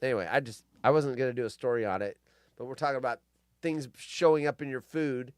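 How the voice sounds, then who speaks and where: A man's voice: medium pitch, fast talker, dry recording, clean studio sound. A man in his fifties, a podcast host telling stories in a casual, profane rant and mocking people with put-on voices. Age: 50s.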